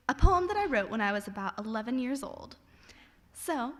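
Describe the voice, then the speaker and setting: A young woman with a fairly high voice reads her own poetry and a short story aloud before an audience. Between pieces she slips in wry, self-mocking remarks. Her voice carries a long reverb from a large hall. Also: fairly bright tone. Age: young adult. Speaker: student reader. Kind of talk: reading her own poems and stories aloud.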